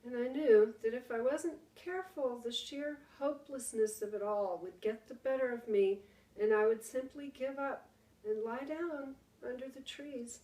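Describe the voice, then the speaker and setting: A woman teacher reading a storybook aloud to her class, slow and dramatic, with hushed pauses. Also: on the high side. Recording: roomy, distant mic.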